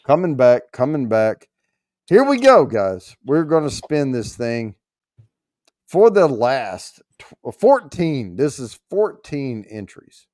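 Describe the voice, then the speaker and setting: Man, livestream host, casual joking, slow drawl, dry close sound. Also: mid-range voice, big pitch swings, a little mellow, dry recording. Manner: joking, loose, swears mildly while fumbling with the screen. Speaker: show host running a prize giveaway.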